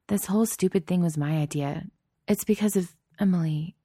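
A woman reading a story, voicing a young female college student who is earnest, apologetic and quick to worry. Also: lowish voice, dark tone, husky, no room sound, clean studio sound.

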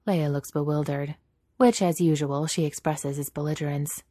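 A woman narrating a story aloud in a steady, even reading voice. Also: low-pitched, moderate pace, no room sound, clean studio sound. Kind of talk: reading fan fiction aloud.

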